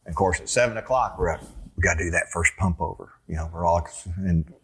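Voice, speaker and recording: A man's voice: low voice, quick pace, breathy edge. A man, a winery owner telling a rambling story in a casual interview, full of fillers and restarts.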